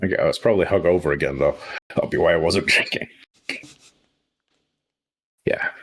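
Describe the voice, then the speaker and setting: A man's voice: low-pitched, normal speed, fairly bright tone, breathy edge. A young man co-commentating a game in a chatty, jokey way. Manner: jokey, chatty, laughs often. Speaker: esports co-caster. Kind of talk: casual commentary chat.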